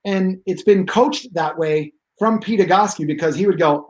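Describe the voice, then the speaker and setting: A man with a fairly high voice tells long stories with real energy. He talks emphatically and wanders into asides as a guest expert on pain relief. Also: normal speed, low-quality recording. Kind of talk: animated storytelling.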